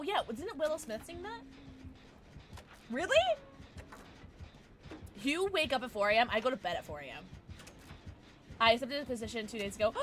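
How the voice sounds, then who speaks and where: A young woman chats casually with viewers while streaming a game from her home, sounding playful, a little tipsy, bubbly, and animated. New follows draw little gasps and squeals from her. Her voice is high-pitched, her pace moderate, with long pauses.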